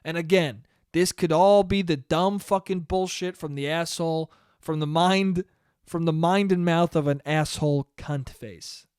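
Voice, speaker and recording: A man's voice: on the high side, unhurried, a little mellow, smooth, no echo, clean studio sound. A young man hosting a solo podcast in a casual, rambling, profane and self-deprecating way. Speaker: podcast host.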